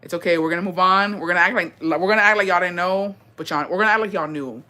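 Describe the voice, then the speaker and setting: A young woman hosting and reading viewer stories in a casual, animated chat, swearing freely and mixing in Spanish words. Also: on the low side, quick pace. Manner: bursts of laughter and dramatic reactions.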